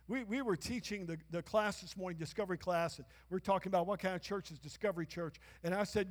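A man in his sixties preaching a sermon as pastor, calling out to the congregation for responses and breaking into shouts. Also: sits high, fast, few pauses. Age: 60s. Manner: call-and-response, bursts of shouting. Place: church sanctuary. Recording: long reverb of a church hall.

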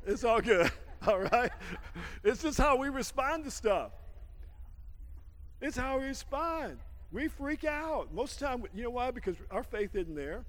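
A man preaching a lively sermon, laughing often and swinging from shouts down to hushed asides, with a folksy habit of saying "man.". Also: high-pitched, big-room sound. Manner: folksy, calls everyone "man". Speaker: pastor.

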